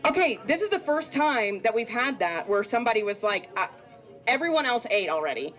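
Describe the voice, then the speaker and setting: A woman's voice: on the high side, big pitch swings, brisk, fairly bright tone, poor audio. A woman emceeing a live eating contest on a handheld mic, bubbly and joking as she chats with contestants. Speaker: event emcee. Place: busy restaurant event.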